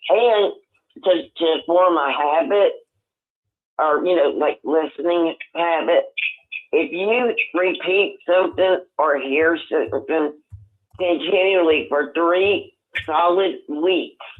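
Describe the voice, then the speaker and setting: An older man calling in on the phone, talking in a rambling, halting way with many restarts. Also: fairly high pitch. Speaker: caller. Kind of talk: casual phone chat. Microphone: telephone. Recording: tinny phone line.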